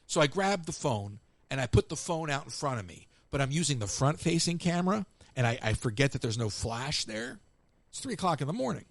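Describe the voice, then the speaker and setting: Here the radio host's voice is fairly high in pitch and moves at a normal speed, with no echo. He's telling casual anecdotes to live callers, acting out others' lines with animation.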